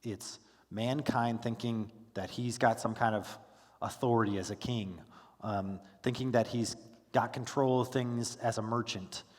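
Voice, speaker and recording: A man teaching a Bible study class in a relaxed, conversational way, full of fillers and restarts, who stops to ask his class questions. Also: medium pitch, measured pace, long reverb tail. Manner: casual, with frequent fillers and restarts. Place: church classroom.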